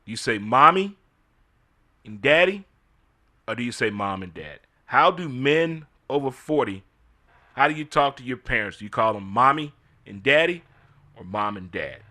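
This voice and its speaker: Animated man with a bright voice. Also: medium pitch, moderate pace, long pauses. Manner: animated, incredulous rhetorical questions. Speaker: host. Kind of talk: casual solo commentary.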